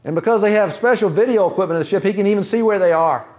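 A man preaching a sermon, asking rhetorical questions in a measured way. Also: high voice, a little mellow. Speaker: pastor.

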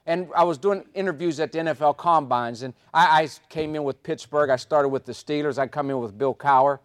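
High-voiced man giving a lively speech. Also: fairly quick, clear, resonant tone. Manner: animated storytelling with punchy repetition. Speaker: motivational speaker. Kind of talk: live speech to an audience. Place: stage before a live audience.

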